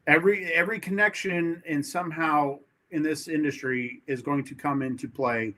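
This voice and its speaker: A man's voice: a little high, fairly even intonation, moderate pace, pushed and bright. A man who is a guest on a podcast, talking eagerly with a lot of stumbling restarts and acting out phone calls with clients. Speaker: podcast guest, sales rep. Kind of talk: casual chat.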